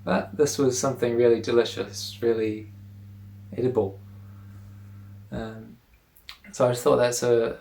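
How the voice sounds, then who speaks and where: A man teaching pronunciation in a relaxed video lesson, repeating words slowly for the listener to say along. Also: medium pitch, vocal fry, rough recording.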